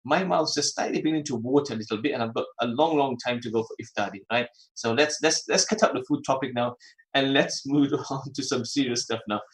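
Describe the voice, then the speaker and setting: A man hosts a religious phone-in radio show, speaking briskly in a mid-range voice over poor audio. He repeats phrases for emphasis and mixes in Arabic and Urdu terms.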